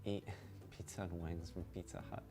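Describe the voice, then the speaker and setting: A man's voice: low voice, little pitch movement, moderate pace. A young man with a slight lisp answering interview questions in a blunt, dry, sarcastic way with short replies. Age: young adult. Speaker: interview guest, college student. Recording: faint music underneath.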